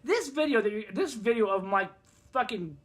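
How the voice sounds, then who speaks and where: A man's voice: high voice, animated, normal speed, a bit bright. A man telling a story in a casual vlog, rambling, swearing and sarcastic, in pain from a broken thumb. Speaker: vlogger.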